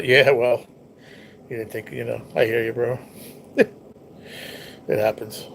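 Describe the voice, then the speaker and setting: Gravelly laid-back man chatting on stream. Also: mid-range voice, fairly even intonation, takes it slowly, fairly bright tone, a little hiss or hum. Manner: laid-back, swears freely, teases viewers. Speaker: live-stream host reading viewer chat. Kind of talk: casual live-stream chat.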